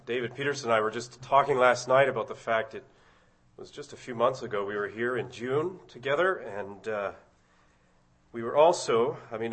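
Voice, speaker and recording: A middle-aged man giving a sermon as a visiting preacher, reading scripture aloud and slowing down to stress key words. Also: medium pitch, a bit bright. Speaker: guest preacher.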